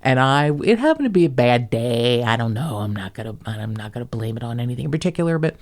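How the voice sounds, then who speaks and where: A woman's voice: very deep voice, very animated, quick pace. A woman hosting a casual podcast, telling stories in a profane, self-mocking way and acting out the people she quotes. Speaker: podcast host.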